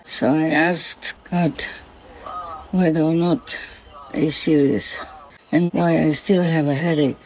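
A spiritual vlogger speaking gently at night to an unseen animal, softly giving blessings and often asking "okay?", then calmly recounting their day. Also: mid-range voice, rough recording. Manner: soft, slow, affectionate blessings with repeated "okay?".

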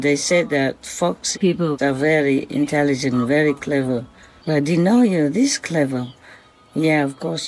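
A soft-spoken vlogger who talks gently and affectionately, as in a spoken diary at night. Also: mid-range voice, low-quality recording. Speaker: vlogger speaking to a visiting fox spirit. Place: outdoors at night by a forest.

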